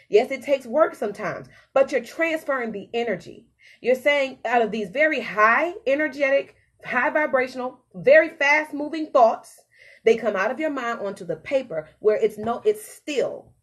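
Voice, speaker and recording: A woman podcast host giving an animated, preachy motivational self-help talk with repetitive phrasing. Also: fairly high pitch.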